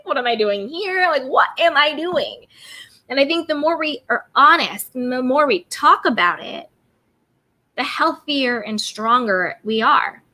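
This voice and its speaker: High-pitched and sharp, this woman sounds animated but unhurried as she runs a casual self-care livestream. She reads viewers' names from the chat and repeats cheerful affirmations.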